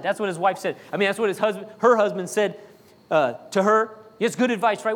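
A man's voice: high-pitched, fast, fairly bright tone. A man preaching a sermon, talking to the congregation in a chatty way, full of jokes and asides. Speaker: pastor.

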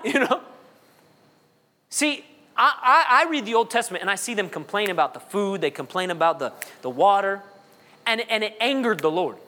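Animated preaching man in echoing hall. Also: normal speed. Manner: animated preaching, voice swinging high and low. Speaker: pastor. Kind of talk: sermon. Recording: long reverb of a large hall.

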